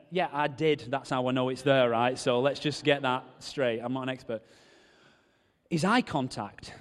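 A man preaching a sermon, telling stories and joking with the congregation. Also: fairly high pitch. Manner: animated, joking storyteller. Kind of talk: sermon with storytelling. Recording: long hall reverb.

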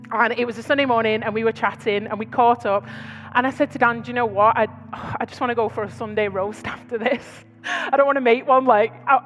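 A British woman preaching to her church, telling stories in a chatty, conversational way with quick asides. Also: fairly high pitch, fairly bright tone, big-room sound, muffled recording. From Britain. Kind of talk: sermon. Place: large church hall.

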